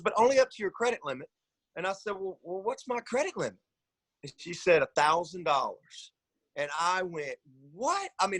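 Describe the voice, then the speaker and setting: A middle-aged man, a football coach guest telling stories in a casual podcast chat, animated and lively. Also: no echo. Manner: animated storyteller, voices his own shouts high and loud.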